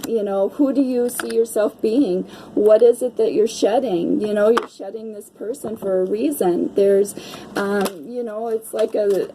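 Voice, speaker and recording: A woman's voice: medium pitch, mellow, a little hiss or hum, rough recording. A woman giving a casual oracle card reading to viewers, chatty and gushing, often asking "right?" and swearing lightly.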